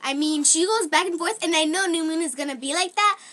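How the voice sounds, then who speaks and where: A woman's voice: extremely high pitch, brisk, fairly bright tone. A teenage girl chatting casually with a friend about a movie, talking in a chatty way with lots of fillers. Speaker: friend co-reviewing. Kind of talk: casual chat.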